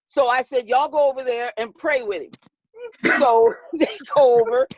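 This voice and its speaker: A woman boxing coach telling a story in an interview, animated, acting out the voices of the people in it and laughing often. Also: fairly high pitch, moderate pace.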